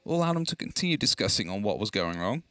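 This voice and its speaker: A young man casting an esports match, chatty and energetic, laughing easily. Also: fairly low pitch, quick pace, no echo. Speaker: esports caster. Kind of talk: esports commentary.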